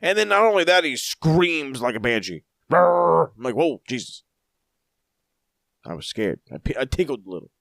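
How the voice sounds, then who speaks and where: A man's voice: medium pitch, big pitch swings, fast, vocal fry, hardly any pauses, fairly bright tone, no room sound, clean studio sound. Profane joking wrestling podcast man. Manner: rambling, profane, jokey recaps. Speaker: podcast co-host. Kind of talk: casual wrestling review chat.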